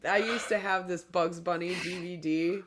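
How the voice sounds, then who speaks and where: A man's voice: sits high, fairly even intonation, normal speed, a bit bright. A man from Michigan with a Midwestern accent, hosting a livestream in casual chat, laughing often and mimicking accents. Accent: Midwestern American. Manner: chatty, laughs often, puts on silly accents. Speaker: livestream host.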